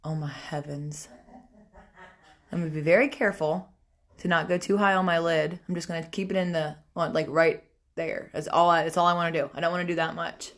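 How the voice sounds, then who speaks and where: A woman's voice: low-pitched, steady tone, fairly quick. A young woman chatting casually through a makeup tutorial on a phone livestream, talking to viewers and family as she works. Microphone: phone camera.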